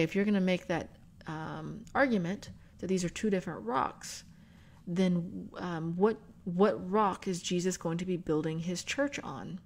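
A woman's voice: lowish voice, darkish tone. Woman teaching a bible study. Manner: explanatory, spells words out letter by letter. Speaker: book club host.

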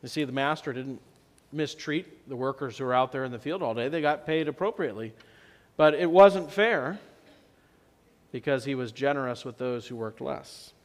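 A man preaching a sermon as pastor, telling the story in a conversational way and swinging between loud and soft for emphasis. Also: mid-range voice, moderate pace. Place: church sanctuary. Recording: long church reverb.

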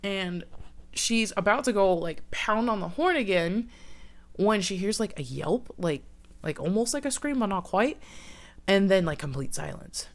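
A woman's voice: mid-range voice, expressive, unhurried. A woman casually telling a scary campfire story in a chatty way, full of fillers. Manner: chatty, filler-heavy, lots of "like".

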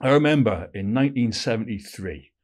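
A man's voice: medium pitch, expressive, brisk, breathy edge. A man in his fifties from South Wales with a Welsh accent, a podcast guest telling long, chatty anecdotes with casual filler tags. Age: 50s. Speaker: guest, former intelligence officer. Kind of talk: conversational storytelling.

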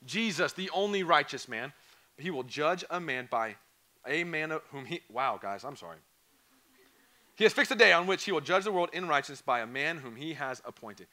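Hoarse young guy preaching to kids at camp, sharp bright voice, keeps repeating himself. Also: on the high side. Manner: earnest, repeats phrases, emphatic questions to students. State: hoarse, voice going. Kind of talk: youth camp sermon. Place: church or camp hall.

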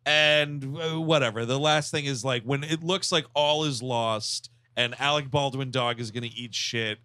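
Bright-voiced profane podcast storyteller man. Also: mid-range voice, normal speed, no echo. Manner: profane, rambling storyteller who acts out quotes. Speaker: podcast co-host. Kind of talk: crude comedic movie recap.

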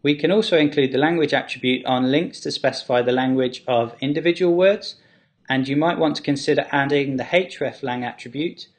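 A man who works as a web developer, explaining a how-to topic in a clear, steady tutorial style. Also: mid-range voice.

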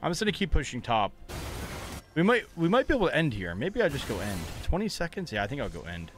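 A man's voice: a little high, wildly swooping pitch, fast talker, soft background music. A young man casually commentating his own game live as a streamer, chatty and joking with his chat. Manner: casual, chatty, playfully mock-angry trash talk.

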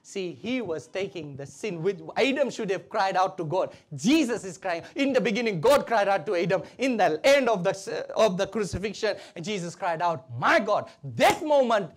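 A woman preaching a sermon, animated and leading the congregation in call and response. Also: mid-range voice, moderate pace, hardly any pauses.

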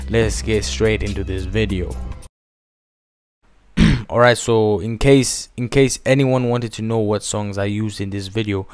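A young man casually chatting in an energetic, slangy way while reacting to music on his vlog, with a lot of repeated phrases. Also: on the low side, no room sound. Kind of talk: casual hyped-up vlog chat. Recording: faint music behind.

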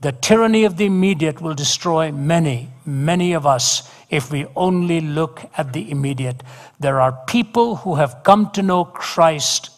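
A man delivers a sermon with emphatic repetition, his voice sitting somewhat high for a man. The sound carries a long hall reverb, as if recorded in a large auditorium. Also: moderate pace. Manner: emphatic, repeats words for effect. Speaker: preacher.

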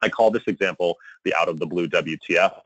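A man giving a conversational presentation, often checking in with a quick "right?" and rising sharply when he quotes examples. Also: low-pitched, fairly bright tone, breathy edge, no echo, dull audio. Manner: conversational, frequent tag "right?". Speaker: conference speaker on email marketing. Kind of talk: presentation talk.

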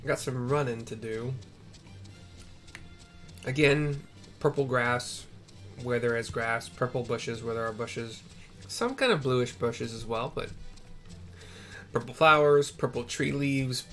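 A man talks loosely through a game playthrough, trailing off and correcting himself as he goes. His voice sits at an ordinary middle pitch. Quiet game music plays behind him. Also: takes it slowly, long pauses. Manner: rambling, self-correcting, chatty asides. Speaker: game streamer. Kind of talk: casual gameplay commentary.

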